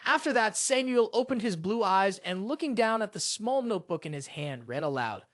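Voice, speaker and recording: A narrator reading a fantasy story recap in a scripted, expressive storytelling style. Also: mid-range voice, moderate pace, hardly any pauses, dry recording, clean studio sound.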